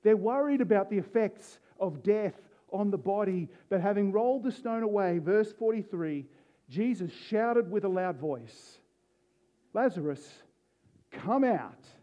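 A man's voice: high voice, animated, moderate pace. A man preaching an Easter sermon, earnest and emphatic, reading scripture aloud in a dull lo-fi recording.

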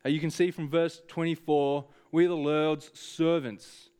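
A man's voice: on the high side, little pitch movement, a little slow, a little mellow, smooth. A man preaching a sermon, speaking earnestly and directly to the congregation with frequent hesitations.

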